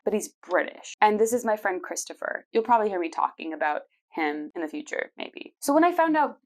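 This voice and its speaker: A podcast host in her twenties, with a medium-pitched, animated voice, talks a little fast. She's chatty and playful, telling personal stories casually on her own show and laughing often.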